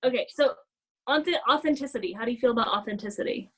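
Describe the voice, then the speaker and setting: A woman co-hosting a casual chat, talking in an animated way with many "like" fillers and acting out gasping apologies. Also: on the high side, fast talker, rough recording. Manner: frequent "like" fillers. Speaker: podcast co-host.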